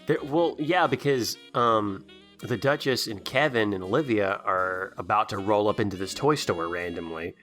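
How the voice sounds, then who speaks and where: A man co-hosting a podcast, chatting casually about a movie with sarcastic jokes and quick silly character voices. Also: on the low side, fairly bright tone, faint music behind. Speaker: podcast co-host. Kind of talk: casual movie commentary chat.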